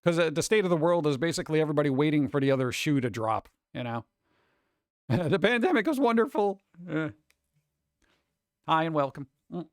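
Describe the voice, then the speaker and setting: A man's voice: on the high side, animated, a little fast, long pauses, no room sound, studio quality. A man streaming live, chatting casually and reading chat messages, rambling and joking with a sarcastic edge.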